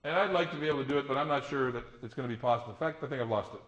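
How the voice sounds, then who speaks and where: A middle-aged man giving a lively talk to an audience, storytelling with laughter. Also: mid-range voice, racing. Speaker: motivational speaker.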